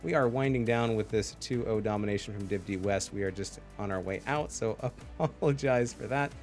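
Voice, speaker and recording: A man's voice: fairly low pitch, a little fast, a little mellow, soft background music. A man casting an esports match live, chatty, laughing often and thanking his chat. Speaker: esports caster. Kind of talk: casual live stream commentary.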